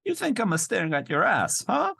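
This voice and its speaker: A man's voice: very high voice, big pitch swings, slow, pushed and bright, pitched above the performer's own voice, heavily acted. A man putting on a mocking, broken-English caricature of a crude, bossy Italian man. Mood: leering.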